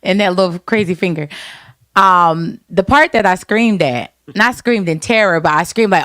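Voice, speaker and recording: A woman's voice: medium pitch, moderate pace, a bit bright, dry recording. Playful woman with a dry close voice. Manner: laughs often, playful and emphatic. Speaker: podcast co-host. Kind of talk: casual chat reviewing a TV series.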